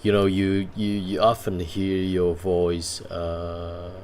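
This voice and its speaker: Slow, deep-voiced Vietnamese-accented man. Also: completely flat delivery, darkish tone, a little hiss or hum. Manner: halting, many filler sounds and restarts. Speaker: digital painting streamer. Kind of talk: casual chat with viewers while painting.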